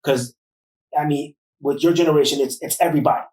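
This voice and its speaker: A woman's voice: deep voice, fairly even intonation, fast talker, darkish tone. A middle-aged woman talking earnestly in a casual discussion, often repeating her words as she makes a point. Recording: roomy, distant mic.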